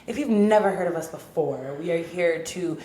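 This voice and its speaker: A woman's voice: lowish voice, moderate pace, mellow, reverberant. A tipsy woman co-hosting a podcast from home, chatting in a laid-back way and swearing freely. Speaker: podcast co-host. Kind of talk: casual chat.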